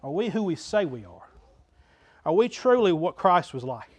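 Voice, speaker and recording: A pastor with a notably high voice delivers a folksy sermon in church. He talks plainly to the congregation, swells into loud preaching runs and then settles back to a quieter, conversational tone. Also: sing-song, normal speed, slightly rough. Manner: folksy, builds to loud preaching crescendos then drops low. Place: church sanctuary.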